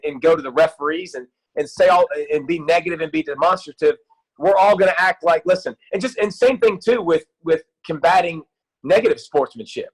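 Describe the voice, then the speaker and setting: A man in his thirties, a youth football coach, talking in an excited, rambling way with many restarts in a casual interview. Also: on the high side, a little fast, slightly rough, rough recording.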